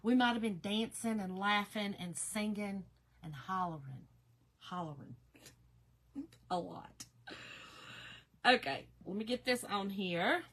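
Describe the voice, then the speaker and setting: A woman's voice: medium pitch, lively intonation, slow pace, long pauses, fairly bright tone. A woman with a slightly nasal voice, chatting casually on a craft livestream and greeting viewers. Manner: chatty, emotional, reads viewer comments aloud.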